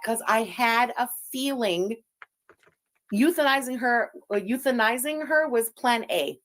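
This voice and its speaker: A woman's voice: a little high, unhurried, a bit bright. A woman whose first language is French hosts a live stream, commenting in a profane, mocking and scornful way. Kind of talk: casual commentary.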